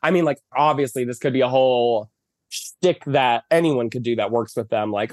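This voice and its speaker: A makeup artist with a medium-pitched voice joins a podcast by video call while lying in bed at home. At normal speed, he chats casually and tells long stories packed with fillers. The sound is clean studio quality with no echo.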